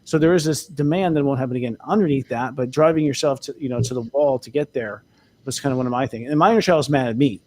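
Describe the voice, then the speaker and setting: A man's voice: mid-range voice, fast talker, darkish tone. A man co-hosting a casual spiritual talk show, speaking candidly as an astrologer and laughing often. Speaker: co-host, astrologer.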